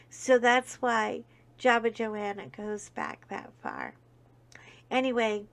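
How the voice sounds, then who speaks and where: A middle-aged woman, hosting a casual coloring vlog and chatting with her viewers, telling stories with bursts of laughter. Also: fairly high pitch. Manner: chatty, warm-hearted storyteller with bursts of laughter.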